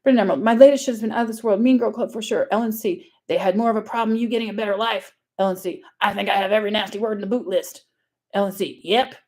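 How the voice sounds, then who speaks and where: A woman's voice: mid-range voice, fairly even intonation, fast talker, a little mellow. A woman from Louisiana reading screenshots aloud in a casual vlog, blunt, sarcastic and profane. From Louisiana, USA. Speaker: online commentator.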